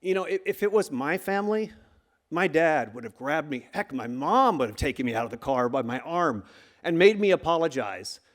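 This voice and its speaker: Middle-aged guy doing live storytelling on stage, kinda high voice, gets loud and animated. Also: moderate pace. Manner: animated, acts out the shouts of coaches. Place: stage before a live audience.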